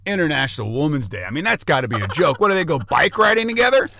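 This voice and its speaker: An actor playing a brash, boastful macho sports-talk radio host who rants loudly and keeps asking "okay?" in a swaggering comedic radio rant. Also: male voice, fairly high pitch, very animated, quick pace, vocal fry, heavily acted. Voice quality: loud, blustering, ranting. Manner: swaggering, repeats himself, asks "okay?" and "all right?".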